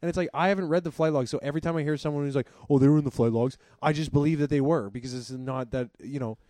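A man's voice: fairly high pitch, rapid-fire, dark tone, no echo, clean studio sound. A man co-hosting a podcast in casual comedic chat, rambling, swearing and laughing easily. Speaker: podcast co-host.

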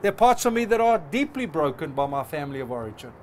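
A man's voice: fairly high pitch, sing-song, fast talker, noisy background. A middle-aged male pastor preaching a sermon, passionate and emphatic, building through repeated phrases. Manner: passionate, emphatic with rising repetitions.

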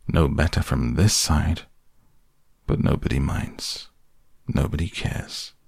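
A self-pitying old donkey, put on by a male reader, drags every word out in deep gloom. The voice is low and gravelly with a husky grain, heard close and dry. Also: a little mellow, dry recording, full character voice. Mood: gloomy. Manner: slow, mournful, self-pitying.

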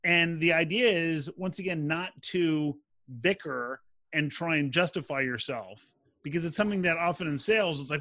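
A man's voice: fairly high pitch, moderate pace, dry recording. A man answering interview questions as a sales expert, explaining methods and acting out quoted dialogue. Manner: animated, acts out quoted dialogue.

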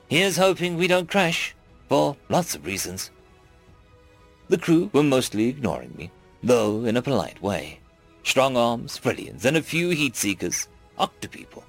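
Lively, wry male storybook narrator. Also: medium pitch. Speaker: audiobook narrator. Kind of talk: first-person storybook narration.

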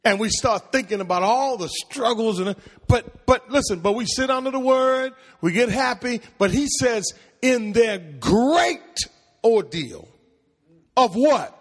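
High, animated preacher in a reverberant hall. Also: male voice, a little slow. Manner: preaching with rising calls and questions to the congregation. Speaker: pastor. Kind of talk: call-and-response sermon. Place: church sanctuary.

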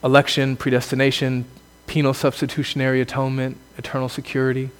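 A man preaching a sermon as a pastor, earnest, building to emphatic exclamations and then dropping low. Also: monotone, fast, in a large hall.

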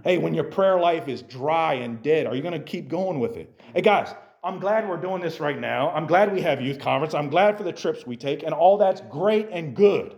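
A man preaching to young people, fairly high-pitched and very animated. He drops low and quiet, then climbs to excited shouts, talking straight at his listeners. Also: normal speed, vocal fry, hardly any pauses. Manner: animated, swings from quiet to shouting, direct address. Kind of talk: sermon to youth.

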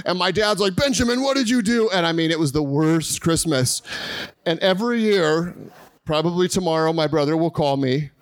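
A man preaching a holiday sermon with a fairly high voice. He tells his story with lively energy and acts out other people's lines. The sound is dry and close. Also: moderate pace, no echo. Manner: lively storytelling with acted-out quotes. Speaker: pastor. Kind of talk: Christmas Eve sermon. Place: church service.

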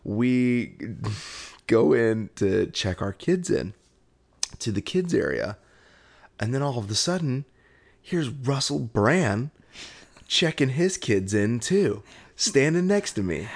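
A man's voice: mid-range voice, sing-song, takes it slowly, vocal fry, long pauses. A man telling a story in a casual, rambling way, with lots of fillers and laughter. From Southern California.

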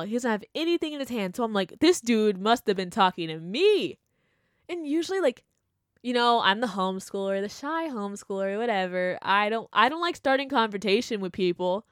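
A young woman telling a story in casual chat, animated and full of fillers, acting out what people said. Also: a little high, no room sound, clean studio sound. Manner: animated, chatty, full of "like" and laughter, acts out quotes. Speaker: vlogger.

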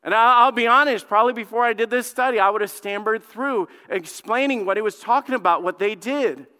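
A male lead pastor preaching a sermon, fervent, dropping to a hushed plea and then rising loud, and often repeating words as he builds a point. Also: high voice, a little fast, smooth. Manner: fervent, swings from hushed pleading to loud outbursts. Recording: long hall reverb.

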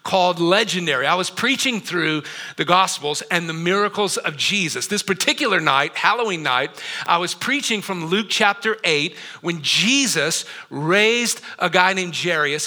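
Middle-aged pastor guy preaching in church, really bright sharp voice, storytelling w asides to the crowd. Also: high voice, measured pace. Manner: animated storytelling with asides to the audience. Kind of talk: sermon. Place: church auditorium.

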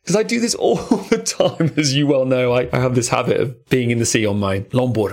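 A man's voice: medium pitch, brisk, darkish tone. A man hosting a podcast in casual chat, rambling and musing with frequent asides. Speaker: podcast host.

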